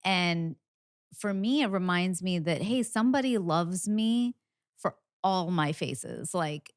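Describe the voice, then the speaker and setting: A woman's voice: lowish voice, slow, clean tone, no echo, studio quality. Frank woman hosting a podcast. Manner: lively and frank, with fillers and casual swearing. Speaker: podcast host. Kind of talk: casual podcast chat.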